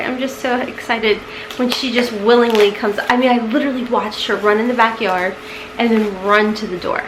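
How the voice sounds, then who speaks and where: Distractible woman in her thirties, casual beauty-vlog chatter, a touch high-pitched. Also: moderate pace, fairly bright tone, slight background noise, poor audio. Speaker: beauty vlogger. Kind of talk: casual unboxing chat.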